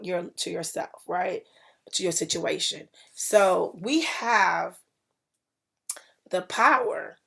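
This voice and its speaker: A woman hosting a faith-based podcast, talking in an encouraging, preachy way. Her voice has a gravelly, creaky texture. She repeats her key lines for emphasis. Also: mid-range voice. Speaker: podcast host.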